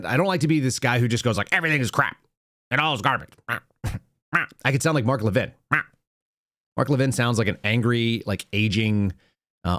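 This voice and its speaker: A man's voice: medium pitch, dry recording, clean studio sound. Blunt, sardonic man hosting. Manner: casual, blunt and sardonic, with rambling asides. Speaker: podcast host. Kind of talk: live political commentary monologue.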